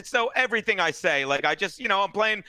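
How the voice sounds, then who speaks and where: High, bright-voiced man telling profane stories. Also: quick pace, clean tone, no echo. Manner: profane, animated storytelling. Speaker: stand-up comedian and podcast guest. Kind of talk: casual podcast chat.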